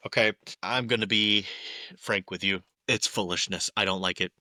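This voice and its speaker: A man's voice: lowish voice, fairly even intonation, normal speed, bright, forceful tone, no room sound. A young man hosting a podcast alone, giving opinionated political commentary with emphatic, exasperated asides. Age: young adult. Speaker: podcast co-host.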